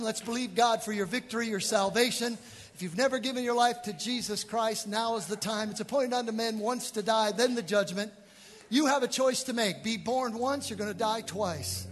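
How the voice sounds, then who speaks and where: A man's voice: very high-pitched, a little hiss or hum. A man leading a church service as pastor, joking with the congregation during the offering and closing with an altar call. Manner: joking, then chanting and shouting with the congregation. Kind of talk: church offering appeal and praise chant. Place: church sanctuary. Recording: church hall with music and crowd. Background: music and congregation.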